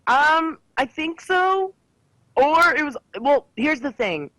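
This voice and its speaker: A woman's voice: sits high, expressive, slow pace, fairly bright tone, no echo, rough recording. A woman co-hosting a podcast in casual, jokey chat, slipping into silly voices. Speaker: podcast co-host.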